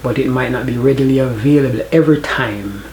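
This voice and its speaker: A man's voice: medium pitch, brisk, a little mellow, echoey room, a little hiss or hum, poor audio. A man with a Jamaican accent giving casual advice, conversational and often checking in with "right?". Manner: conversational, frequent "right?" tags, laughs easily. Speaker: vlogger.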